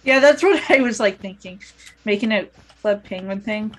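A woman's voice: mid-range voice, moderate pace. A woman playing a game with a friend, chatting casually, laughing and groaning at close calls. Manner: animated and laughing, groans at near misses. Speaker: co-player. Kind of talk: casual gameplay chat.

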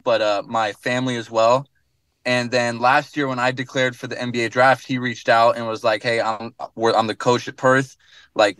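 A man's voice: mid-range voice, fairly bright tone, no room sound. A young man with an American accent, sitting in his car and answering questions as a guest on a radio show, friendly and laid-back. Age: young adult. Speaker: guest basketball player. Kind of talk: radio interview from afar.

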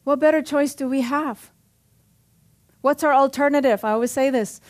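A woman's voice: sits high, normal speed. A middle-aged woman pastor preaching a sermon in a church, punchy and joking, often calling out for an amen. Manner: punchy, joking, calls for amens.

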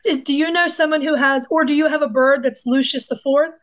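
A woman's voice: high-pitched, fairly even intonation, fairly quick. A woman podcast co-host in casual chat, teasing and asking the guest questions.

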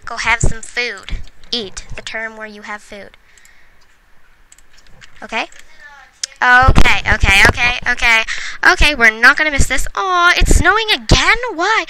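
A woman's voice: a little high, a little slow, long pauses. A woman hosting a let's play, giving casual gameplay commentary in a chatty, giggly way and talking to the game characters. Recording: noisy home recording.

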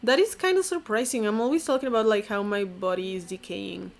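A young woman from Mexico with vocal fry, reacting to her old posts in a casual, sarcastic, self-mocking way and saying "like" constantly. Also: medium pitch, fairly quick. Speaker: vlogger. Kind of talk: casual commentary to camera.

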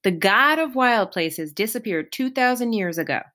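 A woman's voice: on the high side, expressive, moderate pace, pushed and bright, pitched above the performer's own voice. A woman doing an earnest young satyr boy. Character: anxious young male satyr, earnest and sad.

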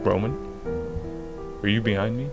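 A man's voice: fairly low pitch, moderate pace, over music. A young man giving casual, jokey gameplay commentary, rambling and laughing often. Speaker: gaming video host.

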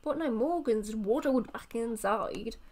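A woman's voice: fairly high pitch, measured pace, a little mellow. A woman casually commenting on her game in a rambling, chatty way. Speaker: let's play host.

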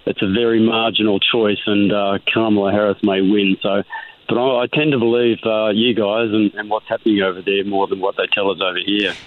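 Australian male caller, low voice, phone-line sound, halting delivery. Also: level tone. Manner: hesitant, repeats words. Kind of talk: phone-in chat.

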